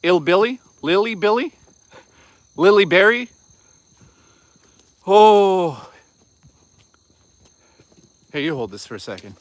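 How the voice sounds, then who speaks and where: A man's voice: high-pitched, animated, takes it slowly, pauses often, no echo. A man hosting a casual livestream outdoors on a hike, rambling and swearing as he chats with viewers. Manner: rambling, profane, chatty with viewers. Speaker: livestream host.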